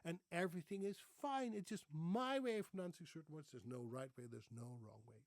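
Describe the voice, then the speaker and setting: A man's voice: fairly high pitch, brisk, no echo. A middle-aged man from the Netherlands with a Dutch accent, a former radio newsreader, talking casually and animatedly to camera on his own channel. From Netherlands (Friesland). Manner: animated, playful, exaggerated rolled R demonstrations.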